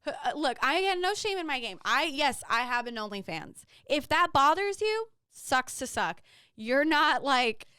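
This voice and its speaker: A woman's voice: sits high, sing-song, a little slow, sharp tone, dry recording, studio quality. A young woman co-hosting a podcast, talking bluntly and swearing freely in casual chat. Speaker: podcast co-host.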